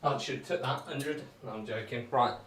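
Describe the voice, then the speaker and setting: A man's voice: mid-range voice, normal speed, noisy background. A man chatting casually on a live stream, reading out viewer comments and bantering between darts throws in a rambling, friendly way. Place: home room while throwing darts.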